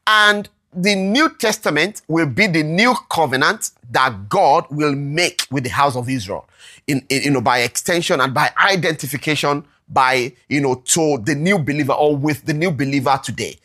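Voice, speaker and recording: Lively preacher teaching scripture, checking in. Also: medium pitch. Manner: checks in constantly with "all right?" and asks the room questions; reads scripture slowly and deliberately. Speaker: Bible teacher. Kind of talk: interactive Bible teaching to a congregation.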